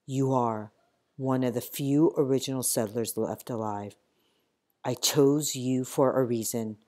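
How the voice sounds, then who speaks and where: Woman voicing a wounded captain, feverish, weary, grave, slow, very deep voice. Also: warm tone. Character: wounded, feverish male army captain, commanding. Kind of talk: audiobook character reading.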